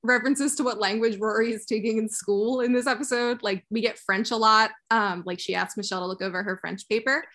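A woman's voice: on the high side, fairly even intonation, brisk, hardly any pauses, fairly bright tone. A young woman co-hosting a casual podcast chat, rambling and restarting her sentences, often laughing. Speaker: podcast co-host.

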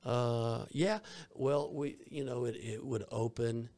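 A man's voice: medium pitch, fairly even intonation, takes it slowly, darkish tone, dry recording. A man with a Southern US accent, a minister telling stories in an interview in a rambling way, with frequent restarts. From Georgia, US. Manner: rambling, with many fillers and restarts. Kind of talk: storytelling in an interview.

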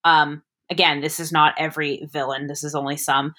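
A woman co-hosting a casual movie discussion, animated and jumping up in pitch when she acts out scenes. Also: a little fast. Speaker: podcast co-host.

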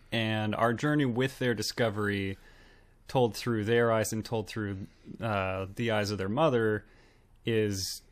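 A man co-hosting a film podcast, chatting casually with frequent ums and laughs. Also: on the low side. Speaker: podcast co-host.

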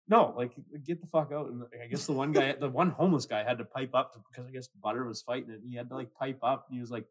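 A man's voice: medium pitch, fairly even intonation, fast, hardly any pauses. A man co-hosting a casual podcast, swearing and laughing through a rambling story. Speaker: podcast co-host.

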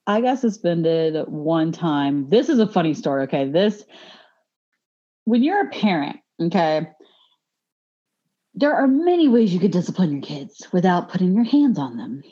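A woman whose voice is on the low side speaks a little slowly on a casual podcast with muffled, lo-fi sound. She tells an animated story bluntly, swearing freely and laughing as she goes.

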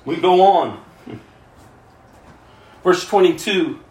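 A man preaching a sermon as pastor, swinging from fervent cries to quiet pleading. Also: high-pitched, slow pace, echoey room.

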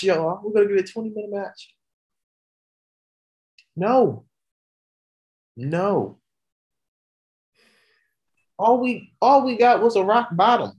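A wrestling fan venting in a casual rant. The talk swings from high, excited outbursts to a low, frustrated grumble.

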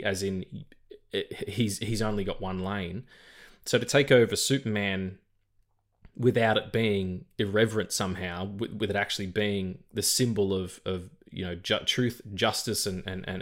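Aussie guy on a podcast, kinda low voice, rambles and swears, trips over his words. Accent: Australian. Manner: rambling, profane, stumbles over repeated words. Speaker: podcast co-host. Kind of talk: casual chat.

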